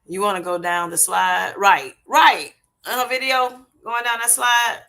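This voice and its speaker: A woman's voice: mid-range voice, flat delivery, unhurried, gravelly, bright, forceful tone. A middle-aged woman chatting casually with viewers on a livestream, laughing often and calling them honey and y'all. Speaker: livestream host. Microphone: streaming setup.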